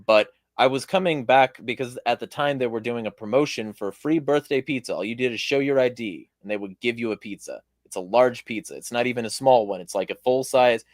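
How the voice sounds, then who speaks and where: A man with a hoarse voice, hosting a casual interview and telling a rambling, profane story with lots of fillers. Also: mid-range voice, a little fast, few pauses, dry recording, clean studio sound. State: hoarse voice from shouting. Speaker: podcast host.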